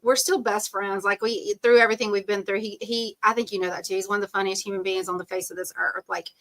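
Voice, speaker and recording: A woman's voice: mid-range voice, fairly even intonation, fast talker, fairly bright tone. A middle-aged woman telling her story as a podcast guest, chatty and rambling, with lots of "um" and "like" and frequent laughs. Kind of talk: casual storytelling interview.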